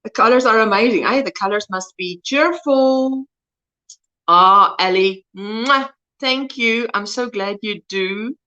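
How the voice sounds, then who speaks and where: A woman's voice: fairly high pitch, slow, sharp tone, lo-fi sound. A woman, hosting a casual livestream and greeting viewers by name as she reads the chat aloud. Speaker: crochet livestream host.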